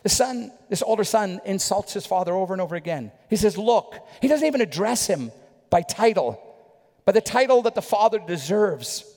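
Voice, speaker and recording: Male preacher, high voice, sermon, rhetorical questions and asides, long hall reverb. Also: lively intonation, brisk, darkish tone.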